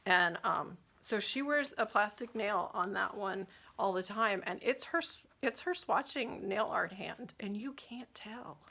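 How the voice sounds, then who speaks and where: A woman's voice: medium pitch, unhurried, vocal fry, few pauses, pushed and bright. A woman hosting a casual nail care livestream, chatting loosely and reading out viewer questions with many fillers and restarts.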